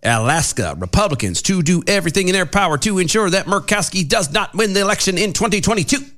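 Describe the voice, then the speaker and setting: A man's voice: high-pitched, animated, fast talker, a bit bright. A man co-hosting a casual news podcast, reading items aloud and then arguing his opinion. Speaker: podcast co-host. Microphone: studio mic with pop filter.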